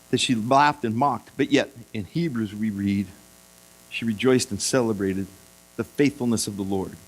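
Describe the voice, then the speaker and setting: A man preaching a sermon, telling Bible stories in a lively way and acting out the voices of the figures. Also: mid-range voice. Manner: lively storytelling, acts out voices for biblical figures. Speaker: pastor.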